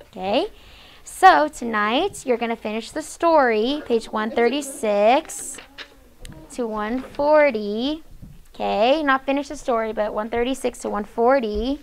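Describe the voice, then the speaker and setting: A woman teaching sixth grade in a classroom, reading a story aloud, explaining it and hushing students between lines. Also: a little high, unhurried, creaky. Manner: reads quoted lines with changed voices, hushes students often.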